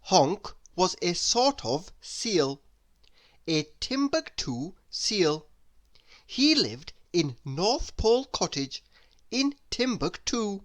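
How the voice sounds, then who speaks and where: A woman reading a children's bedtime story aloud, expressive and playful with asides to the listener. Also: lowish voice, takes it slowly.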